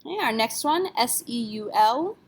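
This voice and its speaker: A woman's voice: a little high, expressive. Patient woman teaching French letters. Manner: patient, spells letters out slowly. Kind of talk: classroom lesson explanation.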